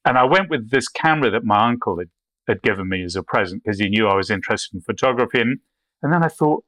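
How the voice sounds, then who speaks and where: A man's voice: mid-range voice, lively intonation, fairly quick, a bit bright, dry recording. A man answering interview questions with long, rambling anecdotes full of restarts. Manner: anecdotal, with frequent restarts and acted quotes. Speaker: guest, photographer.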